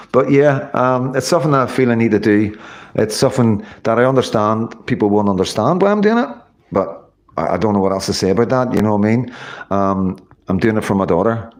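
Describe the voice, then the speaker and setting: A man's voice: medium pitch, darkish tone. Rambling Northern Irish man on a livestream. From Northern Ireland. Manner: rambling, swears often, many fillers. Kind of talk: casual livestream chat.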